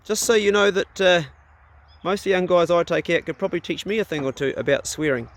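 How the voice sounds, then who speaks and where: A man's voice: sits high, brisk. Blunt, outspoken New Zealand man. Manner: blunt, outspoken, swears freely. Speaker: vlogger. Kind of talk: casual talk to camera.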